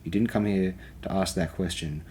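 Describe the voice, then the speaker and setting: A man voicing a young woman oracle who speaks in sharp, scolding pronouncements. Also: low-pitched, steady tone, moderate pace, a little hiss or hum, lightly acted.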